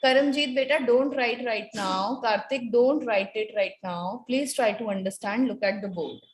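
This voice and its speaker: A woman teaching a French class, slowly and patiently repeating and quizzing her students. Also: fairly high pitch. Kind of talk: classroom lecture. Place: echoey classroom. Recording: echoey room with faint noise.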